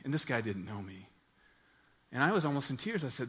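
Man, pastor, sermon, animated earnest storytelling, bright tone. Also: medium pitch, fast, slightly rough.

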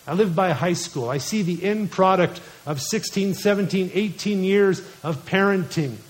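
A man in his thirties with a notably high voice delivers a sermon. He preaches earnestly, weaving family stories together with quoted scripture. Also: normal speed, poor audio. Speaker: pastor.

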